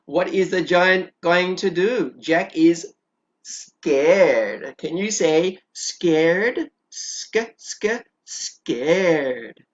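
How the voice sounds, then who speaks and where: A kindergarten teacher patiently walks small children through a story and prompts them to repeat words. Her voice is low and she talks very slowly. The recording sounds dull and lo-fi.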